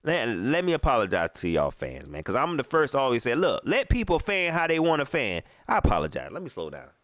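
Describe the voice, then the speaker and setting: Animated slangy man venting on a live stream. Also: medium pitch, brisk, dry recording, studio quality. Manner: animated and emphatic, with repeated rhetorical questions; casual slangy speech with frequent fillers. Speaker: fan channel host reading live comments.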